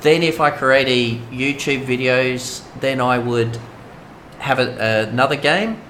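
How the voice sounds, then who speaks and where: A man's voice: mid-range voice, takes it slowly, fairly bright tone, slight background noise. Chatty Australian man streaming a game. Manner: chatty, rambling, talks to viewers while playing. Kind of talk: casual live-stream chat.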